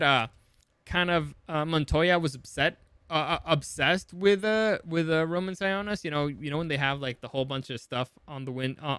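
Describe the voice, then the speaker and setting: A man's voice: a little high, a bit bright, clean tone, no echo. A man recapping a movie in a casual, sarcastic way, swearing often and rambling with lots of fillers. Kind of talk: casual comedic film summary.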